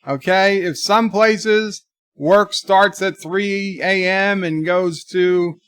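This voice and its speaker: A man's voice: high-pitched, slow, fairly bright tone, smooth, no room sound, clean studio sound. A man hosting a livestream in casual chat, reading out donations and viewer comments with wry, rambling remarks. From United States.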